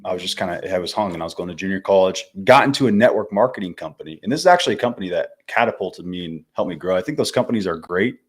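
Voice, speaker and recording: Young man, very deep voice, laid-back, slangy, podcast guest storytelling. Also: expressive, rapid-fire, hardly any pauses, breathy edge. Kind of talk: casual storytelling interview.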